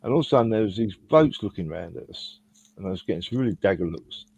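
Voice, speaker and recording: A man's voice: low voice, lively intonation, fast, gravelly, a little mellow, breathy edge. A man on a fan podcast panel, telling a rambling story in casual chat with frequent restarts. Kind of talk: casual anecdote. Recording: dull lo-fi sound.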